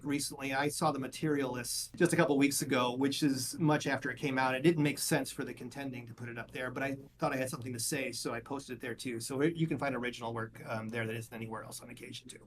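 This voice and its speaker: A man's voice: medium pitch, a little hiss or hum. A man guesting on a podcast interview, talking casually and self-deprecatingly, with frequent restarts. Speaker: guest, journalist and author.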